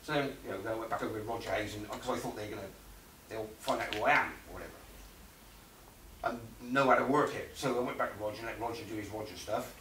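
A man giving an animated, anecdotal conference talk, acting out quotes and laughing often. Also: on the low side, quick pace, a little hiss or hum. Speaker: conference speaker. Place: conference room. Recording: roomy hall audio from far off.

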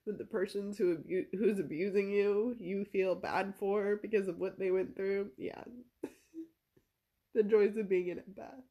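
A woman's voice: mid-range voice, fairly even intonation, unhurried, dark tone. A woman telling a personal family story to camera, heated and blunt, swearing freely and near tears at times. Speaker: vlogger recounting a family conflict.

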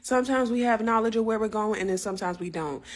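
A woman vlogger with a medium-pitched voice talks fast from her car. She offers earnest, somewhat preachy faith encouragement directly to her viewers in a casual style.

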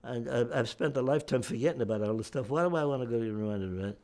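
A man's voice: mid-range voice, fast talker, a little mellow. A man in his nineties, a war veteran, telling a long story in an interview with many restarts and repeated words. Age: 90s.

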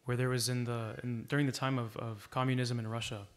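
A man's voice: mid-range voice, flat delivery, fairly quick. A man preaching a sermon in a church, earnest and exhorting, telling a story to make his point.

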